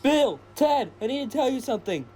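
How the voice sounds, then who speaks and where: A man's voice: very high voice, fairly quick, slightly rough, exaggerated voice. A man voicing a startled, anxious male train engine. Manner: anxious, excitable.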